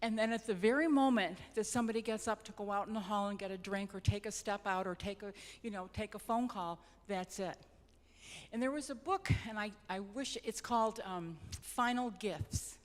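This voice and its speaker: A woman facilitates a grief support group in a reflective, gentle way. She returns to phrases for emphasis. Her mid-pitched voice carries a long reverb from a church hall. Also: normal speed.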